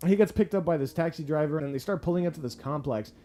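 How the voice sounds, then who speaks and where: A man giving a casual, profane movie review, excitable and full of fillers. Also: on the high side, fast. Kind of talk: casual spoken film review.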